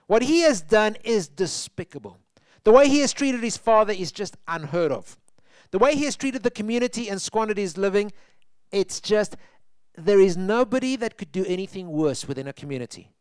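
High, smooth-voiced male preacher. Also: no room sound. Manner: storytelling, acting out the characters' words with rising emphasis. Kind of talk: sermon.

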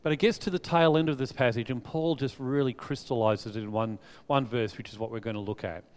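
Chatty storytelling preacher in a reverberant hall. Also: male voice, mid-range voice, brisk, smooth. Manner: chatty and animated, telling stories to the congregation. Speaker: pastor. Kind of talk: sermon. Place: church hall. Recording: long reverb of a large hall.

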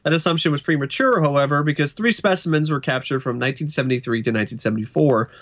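A man co-hosting a casual talk show reads a list of facts aloud, dropping dry jokey asides along the way. His voice is on the high side, a bit bright, and fast.

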